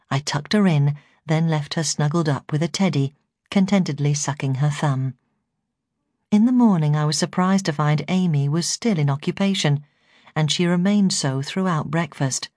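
A woman narrating a first-person memoir in a measured, earnest reading. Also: sits low, darkish tone, no room sound, studio quality. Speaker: audiobook narrator.

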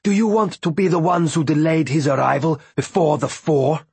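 A man's voice: medium pitch, very slow, breathy edge, no room sound, heavily acted. A man voicing a harsh, commanding woman captor in an audiobook, snarling her orders. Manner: snarling, imperious.

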